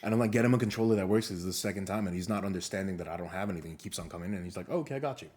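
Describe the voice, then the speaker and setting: A young man co-hosting a casual podcast, telling animated stories, swearing often and acting out what people said. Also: low voice, rapid-fire. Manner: animated storyteller, swears a lot, acts out quotes. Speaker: podcast co-host. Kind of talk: casual storytelling chat.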